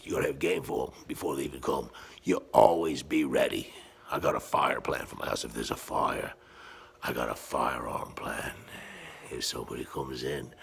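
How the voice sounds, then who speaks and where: Vlogger in his fifties, low gravelly voice with a husky edge, crude and boastful, swings from loud to muttering. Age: 50s. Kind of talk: casual vlog monologue. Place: walking around his home gym.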